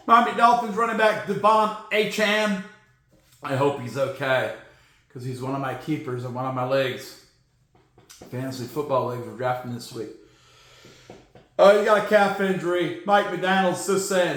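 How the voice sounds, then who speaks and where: A man's voice: fairly high pitch, animated, moderate pace, fairly bright tone, reverberant. A man hosting a football podcast, running through the news in a sarcastic, joking way. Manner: sarcastic, joking, mocks teams with silly sound effects. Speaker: podcast host. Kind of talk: casual sports news commentary.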